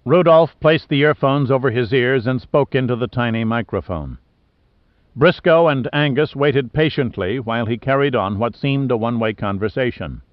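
Male narrator for a sea thriller, mid pitch, dull and dry recording. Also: no room sound. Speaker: audiobook narrator. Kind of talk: scripted narration. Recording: dull dry studio audio.

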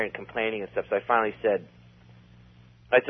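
A man's voice: fairly low pitch, steady tone, quick pace, long pauses, slightly rough. A man telling a long story in a casual, rambling way, full of restarts. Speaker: comedian guest. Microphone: phone. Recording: tinny phone line.

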